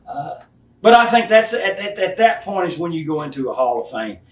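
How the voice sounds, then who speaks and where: A man's voice: sits high, very animated, a little fast. A man in his fifties, a retired wrestler giving a candid interview, blunt and profane, acting out the people he talks about. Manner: blunt, profane storytelling, acts out quoted people. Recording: echoey room, mic at a distance, faint hiss.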